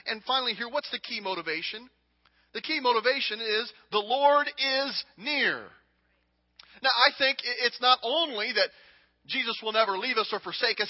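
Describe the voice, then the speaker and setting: A man in his thirties preaching a sermon as a pastor, earnest and repeating phrases for emphasis. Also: extremely high pitch. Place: church sanctuary. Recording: dull reverberant church hall recording.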